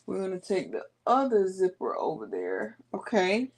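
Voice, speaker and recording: A woman's voice: mid-range voice, wildly swooping pitch, moderate pace. A woman, chatting casually to her viewers as she works through a sewing tutorial. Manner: chatty, talks to viewers while working. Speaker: sewing vlogger.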